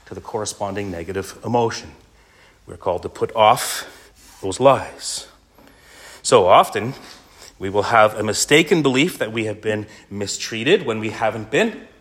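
An earnest male preacher delivering a sermon at a medium pitch. He presses his points with emphasis and often drops to a quieter voice when he speaks a listener's inner thoughts.

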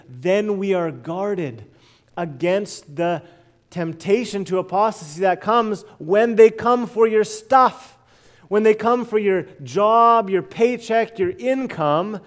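A man preaching a sermon as pastor, earnestly building to loud declarations and then dropping soft and low.

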